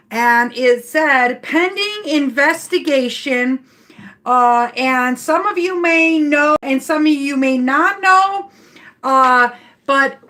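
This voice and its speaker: A woman's voice: high voice, sharp tone. A woman rideshare driver telling her viewers an upset story on a live stream vlog.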